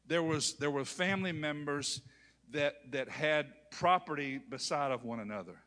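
A man, preaching a sermon to a congregation, calling out to the crowd and building to shouted peaks. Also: mid-range voice. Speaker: pastor. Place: church sanctuary with congregation. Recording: long hall reverb.

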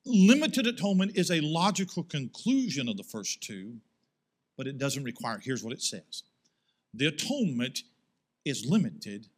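A male pastor preaching a sermon to his congregation in church. He asks rhetorical questions and rises into loud, emphatic swells. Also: mid-range voice.

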